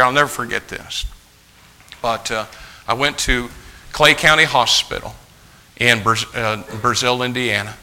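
Male preacher, very bright tone, emphatic sermon, loud peaks then hushed storytelling. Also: mid-range voice, poor audio. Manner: emphatic, rising to shouted peaks then dropping to quiet storytelling. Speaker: pastor.

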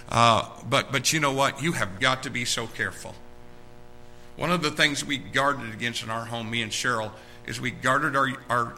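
A middle-aged male pastor preaching a sermon in his church, urging the congregation on, dropping low and quiet, then rising loud and excited. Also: low-quality recording. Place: church sanctuary.

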